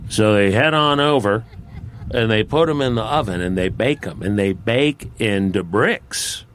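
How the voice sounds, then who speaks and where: A man telling a folk tale in a relaxed, conversational, folksy way. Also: fairly low pitch, normal speed. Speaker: storyteller. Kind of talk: folksy spoken storytelling.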